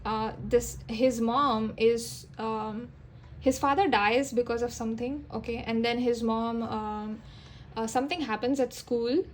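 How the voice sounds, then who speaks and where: A young woman doing a casual tarot reading, rambling and halting, often restarting her sentences. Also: fairly high pitch, steady tone, slight background noise. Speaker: tarot reader.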